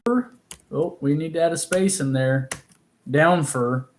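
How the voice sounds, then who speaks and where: Man from oklahoma, fishing livestream host, chatty and giggly, slow easy pace, roomy echoey sound. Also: a little high, darkish tone, a little hiss or hum. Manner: giggly, chatty, reads comments aloud. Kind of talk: casual livestream chat. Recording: roomy echo.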